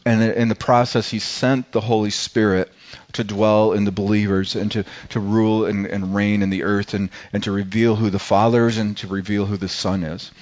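Low-pitched pastor guy preaching, lots of restarts, dull lo-fi church recording. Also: level tone, normal speed, a little mellow. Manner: conversational, many restarts and repeated words. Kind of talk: sermon. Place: church service.

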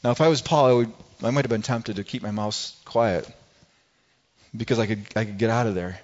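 A man's voice: on the low side, brisk, darkish tone, muffled recording. A male pastor preaching a sermon in a conversational way, often restarting phrases and acting out what people in the story say. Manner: conversational preaching with frequent restarts and acted-out quotes.

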